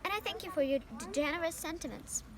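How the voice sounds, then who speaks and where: A young woman voicing a wise, gentle female spider who speaks softly and steadily, reading a storybook aloud. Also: sits high, expressive, quick pace, a crowd in the background. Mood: tender.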